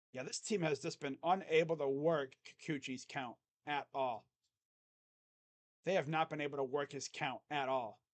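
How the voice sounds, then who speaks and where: Chatty young man calling a game. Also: a little high. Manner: chatty, rambling, jumps to excited calls. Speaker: fan play-by-play streamer. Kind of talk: live fan play-by-play commentary.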